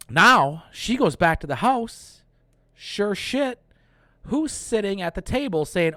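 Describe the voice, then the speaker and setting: A man hosting a casual movie review, retelling the plot in an animated, profane way and acting out the characters' lines. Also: on the high side, measured pace, no echo, studio quality. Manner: animated, profane, acts out quotes. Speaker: host.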